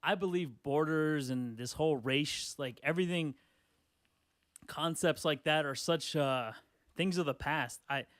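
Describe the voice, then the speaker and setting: Young dude on a podcast, kinda stumbly, repeats himself, dead dry sound. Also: male voice, a little high, fairly bright tone, no echo. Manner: halting, repeats words. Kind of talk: casual chat.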